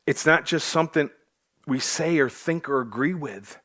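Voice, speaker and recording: A man's voice: fairly high pitch, normal speed, fairly bright tone. A male pastor preaching a sermon to his church, joking with the congregation as he goes. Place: church sanctuary.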